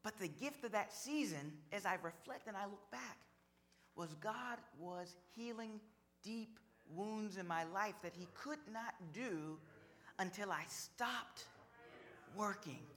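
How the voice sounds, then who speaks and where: Slow-paced preaching man. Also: sits high, animated, sharp tone. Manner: slow, measured preaching with repeated phrases. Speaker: pastor. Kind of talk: sermon.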